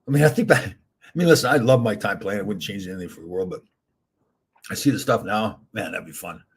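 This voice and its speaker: A man's voice: on the low side, fast, husky. A middle-aged man hosting a casual livestream, chatting in a rambling way and reading viewer comments aloud. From Canada. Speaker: livestream host answering chat. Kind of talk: casual chat.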